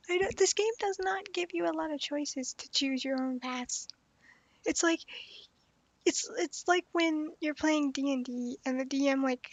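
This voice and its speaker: A young woman giving casual livestream commentary on a story game, animated and blunt, swearing and laughing often. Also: high-pitched, no room sound. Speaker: streamer playing a story game. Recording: dull, dry lo-fi sound.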